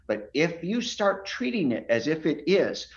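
A man's voice: fairly high pitch, big pitch swings, measured pace, muffled recording. A man who is a pastor, speaking emphatically and preacherly as a guest on a podcast over a video call. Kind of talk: podcast interview.

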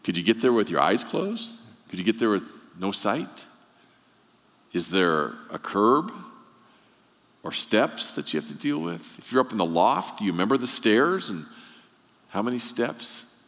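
A man's voice: fairly low pitch, very animated, unhurried, long pauses, a bit bright, long reverb tail. A man preaching a sermon, asking the listeners question after question and telling the story with rising emphasis. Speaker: pastor.

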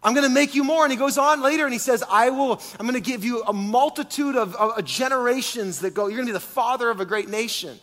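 A man preaching a sermon to a congregation, animated and full of rhetorical questions. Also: very high voice, quick pace, few pauses. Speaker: pastor. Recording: long hall reverb.

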